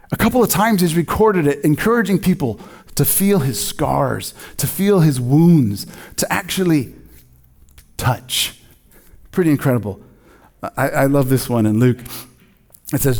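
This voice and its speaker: A man preaching a sermon in a conversational, animated way, joking with the congregation. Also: mid-range voice, moderate pace. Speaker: pastor.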